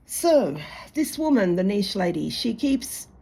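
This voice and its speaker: Blunt, sarcastic Australian woman, slow talker. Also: mid-range voice, big pitch swings, creaky, mellow, slightly rough. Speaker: jewellery maker and vlogger. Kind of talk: casual chat while making jewellery.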